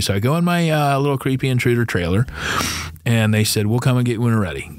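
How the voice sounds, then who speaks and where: A man's voice: mid-range voice, quick pace, no echo. A man telling a funny story in casual chat as a podcast guest, laughing and acting out voices. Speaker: guest musician.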